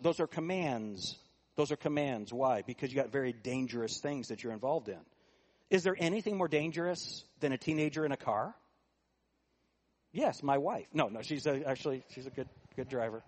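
A middle-aged pastor poses rhetorical questions to his congregation, shifting from quiet asides to raised, emphatic points. His voice is a little high, and there's a faint hiss or hum.

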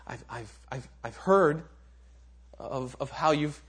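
Guy doing a poor beggar, stammery and whiny, goes up high when upset, bit husky. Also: expressive, slow. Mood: nervous pleading. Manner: stammering, rising to high-pitched protest. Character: poor nervous beggar man, pleading then indignant.

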